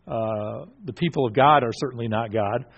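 Man, Bible study leader, questioning, halting, filler words, dull lo-fi sound. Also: medium pitch, vocal fry, husky. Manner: asks the group questions and affirms answers; halting, with frequent fillers and restarts. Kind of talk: teaching a Bible study group.

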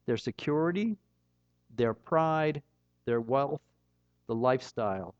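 A man's voice: mid-range voice, lively intonation, measured pace, pauses often, dry recording. A middle-aged man preaching a sermon, earnest and emphatic, with a rising and falling delivery. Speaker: pastor. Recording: dull, slightly muffled dry recording.

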